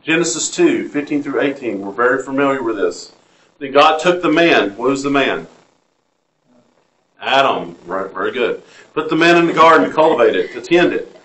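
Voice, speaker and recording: A man's voice: medium pitch, animated, moderate pace, fairly bright tone, slight background noise. A man with a Southern US accent preaching a sermon, reading scripture aloud and asking the congregation questions. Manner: asks the room questions and reads scripture aloud. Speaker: pastor. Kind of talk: interactive sermon. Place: church sanctuary. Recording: echoey church room.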